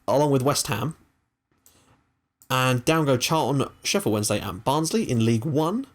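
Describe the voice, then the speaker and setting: A young man hosting a gaming channel, chatting casually and excitably over his game, with the odd swear. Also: mid-range voice, measured pace, pauses often.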